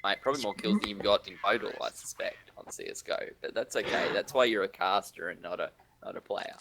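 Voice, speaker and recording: A man casting a live esports match, excitable and teasing his co-hosts. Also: on the low side, quick pace, a little hiss or hum. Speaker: esports caster. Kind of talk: live game commentary.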